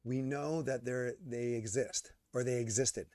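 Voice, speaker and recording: Brief: man, animated ranting movie critic, dry close sound. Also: mid-range voice, unhurried, dry recording. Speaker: podcast co-host. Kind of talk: casual chat, movie review.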